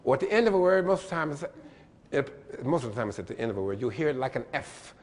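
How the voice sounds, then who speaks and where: A man giving a lively lecture-style keynote address, playful and animated, spelling out letters and mimicking pronunciations. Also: fairly high pitch, a little fast, big-room sound. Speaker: keynote speaker.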